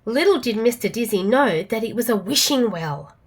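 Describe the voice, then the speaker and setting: Aussie mum storyteller for kids, lively and rather high voice. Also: female voice, moderate pace, husky. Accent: Australian. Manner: expressive, animated reading. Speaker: children's storyteller. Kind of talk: storybook read-aloud for children.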